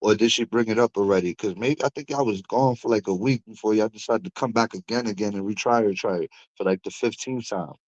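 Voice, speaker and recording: A man's voice: lowish voice, a little fast, hardly any pauses, no room sound, muffled recording. A man hosting a stream, ranting casually and profanely, with mocking asides. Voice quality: animated, profane, mocking impressions. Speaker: streamer host.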